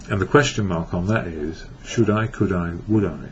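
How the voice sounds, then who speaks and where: A man's voice: low voice, moderate pace, hardly any pauses. A man from England giving a reflective personal monologue about recovery, rambling and correcting himself as he goes. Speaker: recovery blogger. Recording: dull lo-fi with faint hiss.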